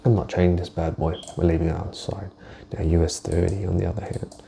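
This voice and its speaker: A man's voice: low voice, level tone, fast talker, vocal fry, background noise. A man giving a casual walkthrough of his forex trades, thinking aloud and swearing as he goes, with many restarted sentences. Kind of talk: casual screen-share market walkthrough.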